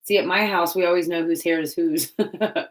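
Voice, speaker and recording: A woman's voice: lowish voice, steady tone, normal speed. A woman vlogger chatting casually while painting, rambling and laughing often.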